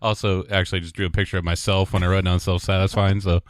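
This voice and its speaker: A man co-hosting a casual comedy podcast, reacting fast with crude jokes. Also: low voice, little pitch movement, dry recording. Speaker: podcast co-host.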